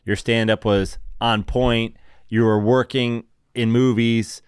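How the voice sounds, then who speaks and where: A man interviewing, asking quick, direct questions in a casual conversation. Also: medium pitch, little pitch movement, smooth, no room sound, studio quality.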